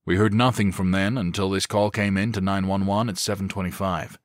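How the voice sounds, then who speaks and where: A man's voice: deep voice, fairly even intonation, dry recording, studio quality, lightly acted. A man voicing a somber police captain briefing his team in an audiobook. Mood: grave. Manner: grave, measured. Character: somber middle-aged male police captain.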